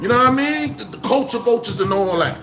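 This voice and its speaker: Brooklyn guy vlogging, very high voice, animated shout-outs, music clearly playing behind. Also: fast talker. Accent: New York, Brooklyn. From Brooklyn, New York. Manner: animated, repetitive shout-outs and street slang. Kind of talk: casual direct-to-camera monologue.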